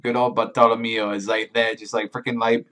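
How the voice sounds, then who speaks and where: A man giving a casual chapter review, rambling with many "like"s, excitable and swearing freely. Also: medium pitch, a little fast. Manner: rambling, heavy use of "like"; profane, excitable. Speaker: manga reviewer.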